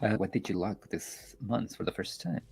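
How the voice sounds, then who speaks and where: A man hosting a casual film podcast, chatty and relaxed, laughing often. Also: on the low side, moderate pace, vocal fry, slight background noise. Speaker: podcast host.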